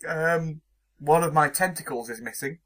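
A man's voice: on the high side, a little slow, a bit bright. A man co-hosting a podcast, chatting casually, teasing his partner and chuckling as he reads out silly titles. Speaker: podcast co-host. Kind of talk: casual chat.

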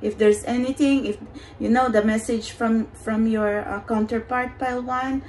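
A woman's voice: fairly high pitch, fairly even intonation, moderate pace, darkish tone, slight background noise, low-quality recording. Earnest, reassuring woman tarot reader. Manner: earnest, reassuring, repeats "you know" and "okay". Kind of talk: pick-a-card spiritual reading.

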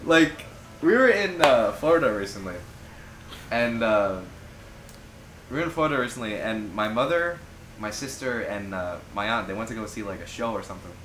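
A man's voice: fairly low pitch, expressive, fairly quick, a bit bright, a little hiss or hum. A young man chatting with friends over a video game, rambling through anecdotes full of fillers. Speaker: gaming channel member. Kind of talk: casual chat over gameplay. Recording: echoey room.

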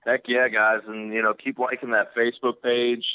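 A man's voice: mid-range voice, level tone, moderate pace, smooth, no room sound. A man co-hosting a podcast in a casual, laid-back chat, swearing freely. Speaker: podcast co-host. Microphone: phone. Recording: tinny phone line.

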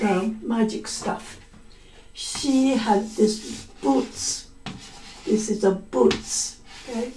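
Slow, mellow woman teacher telling a story. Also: mid-range voice, gravelly, recorded from a distance. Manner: slow and deliberate, explains words, acts out voices in quotes. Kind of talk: slow story-listening lesson. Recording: echoey room, voice a little off mic.

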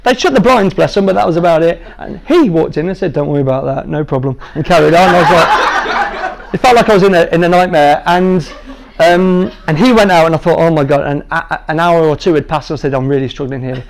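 A man's voice: fairly high pitch, fairly quick, a little hiss or hum. A man in his thirties telling a personal story to a training group, jovial and self-deprecating, making light of hard things. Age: 30s. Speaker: guest speaker sharing his patient story.

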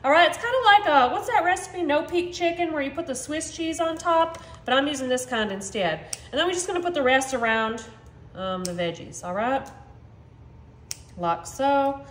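Her voice is high, animated and a bit bright at a moderate pace, with slight background noise in an echoey kitchen. She's a vlogger giving viewers an upbeat, casual cooking demonstration at home, speaking directly to camera.

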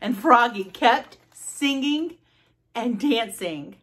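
A woman reading a children's book aloud, expressive, with sound effects. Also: fairly high pitch, slow, husky. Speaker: storybook reader.

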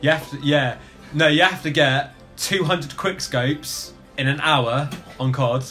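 A man's voice: a little high, fairly even intonation, measured pace, pushed and bright, soft background music. A young man, chatting enthusiastically and swearing freely as he shows off his collection. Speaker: guest showing his collection. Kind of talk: casual show-and-tell chat.

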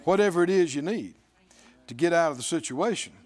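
A man's voice: on the high side, expressive, a little fast, darkish tone, soft background music. A man preaching a sermon as pastor, emphatic, repeating phrases and quoting scripture.

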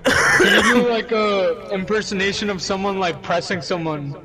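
A man asking halting questions in casual gaming voice chat banter. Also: high voice, very noisy. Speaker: gamer in voice chat.

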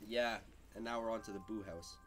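A man's voice: lowish voice, fairly even intonation, fairly quick, a bit bright. A young man chatting casually during a co-op video game, laughing often, teasing his partner and swearing. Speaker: co-op gameplay commentator. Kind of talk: casual gaming chat. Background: game music.

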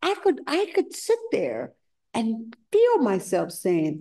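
A woman meditation teacher giving a dharma talk at a retreat center, telling stories in an unhurried way and acting out the voices she quotes. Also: a little high, huge pitch swings, mellow.

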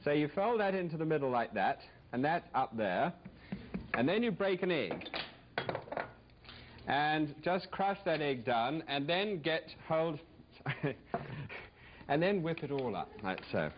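A man's voice: fairly high pitch, big pitch swings, slow, long pauses, background noise. Jokey man hosting a vintage cooking show. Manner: jokey, rambling storyteller with playful asides. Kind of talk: chatty studio cooking demonstration. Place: TV studio kitchen with a live audience. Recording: dull lo-fi vintage TV recording.

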